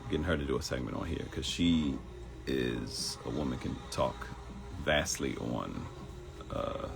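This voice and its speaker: Very deep and gravelly, the host's voice belongs to a middle-aged man from Baltimore. On his live talk show he chats, tells stories, and calls the audience y'all.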